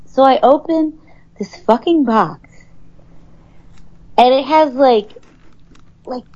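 A woman's voice: high-pitched, slow, a little mellow, muffled recording. A woman co-hosting a podcast, telling a story in casual chat with an exasperated, profane manner. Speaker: podcast co-host.

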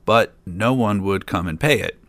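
Male storyteller host, deep voice with some fry, dry wry asides, dead-dry close mic. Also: normal speed, a bit bright, no echo. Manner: dry, lightly joking asides. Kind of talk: reading a fairy tale aloud.

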